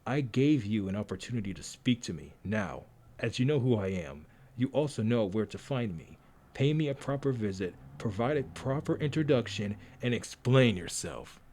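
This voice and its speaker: A man's voice: fairly low pitch, lively intonation, normal speed, darkish tone. A man voicing a proud, formal young woman witch, reading her lines aloud with firm emphasis. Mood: stern.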